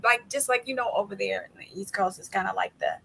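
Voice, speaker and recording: A woman hosts a relaxed podcast interview with a gravelly, creaky texture to her voice. She talks in a loose, chatty way, laughing often and slipping into little acted quotes. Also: mid-range voice, fast, slight background noise, low-quality recording. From southern United States. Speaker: podcast host. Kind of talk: casual interview chat.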